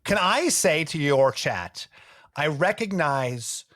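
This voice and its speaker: Animated, self-mocking man. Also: fairly high pitch, takes it slowly. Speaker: game player. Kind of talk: casual voice chat.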